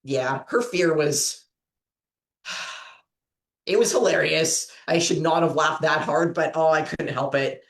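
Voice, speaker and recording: Slow and low-pitched, with long pauses, this woman hosts a trivia show, chatting casually and telling rambling stories with frequent laughter. There's a roomy echo on the recording.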